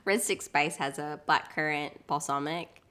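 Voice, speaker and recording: A woman's voice: low voice, unhurried, fairly bright tone. A woman co-hosting a podcast in casual chat, talking animatedly and restarting her sentences. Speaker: podcast co-host.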